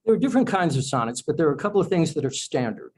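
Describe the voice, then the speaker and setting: A man's voice: a little high, big pitch swings, very fast, darkish tone, low-quality recording. Thoughtful male author explaining. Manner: thoughtful, self-correcting explanations. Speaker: author and guest. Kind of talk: podcast interview.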